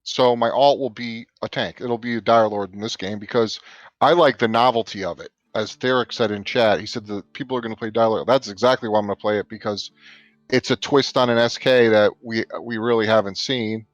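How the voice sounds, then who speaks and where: A man joining a stream as a guest over a remote call, chatting in an excited, animated way. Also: fairly low pitch, a little fast, no echo, faint music behind. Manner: excited, animated, talks in bursts. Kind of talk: casual chat. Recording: dull, dry call audio.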